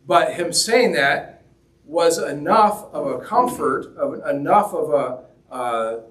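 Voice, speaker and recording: This preacher's voice is a little high and fairly bright, with lively intonation, and he takes his time. He delivers the sermon casually and with humor, performing each quoted line, and the distant mic picks up the church hall's roomy echo.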